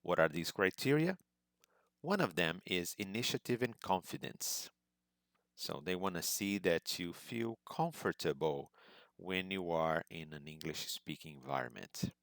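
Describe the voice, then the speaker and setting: A man giving an instructional presentation as an English exam prep teacher, measured and explanatory, stressing key words. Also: low-pitched, animated, fairly bright tone, no room sound.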